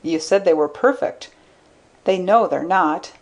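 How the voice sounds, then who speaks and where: A woman voicing a shrewd, thoughtful man who speaks in a calm, measured way. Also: on the low side.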